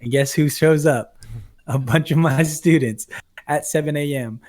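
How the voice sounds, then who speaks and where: A guest who works as a pastor and streamer, with a somewhat higher voice than most men. He explains his point by telling an everyday example. His speech is casual and conversational. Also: measured pace, a little mellow. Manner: storytelling, explanatory. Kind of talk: casual podcast interview.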